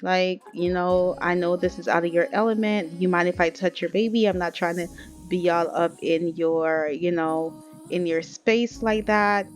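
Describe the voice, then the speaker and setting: A woman's voice: on the low side, fairly even intonation, normal speed, soft background music, natural voice. A woman voicing an easygoing, kind young man who talks in a laid-back, reassuring, slangy way.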